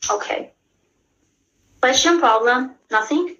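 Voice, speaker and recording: Persian-accented lady teaching an exam class, slow, keeps checking in with students, echoey room. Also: sits high, a bit bright. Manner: explains patiently, checks in with students often. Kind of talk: live class explanation.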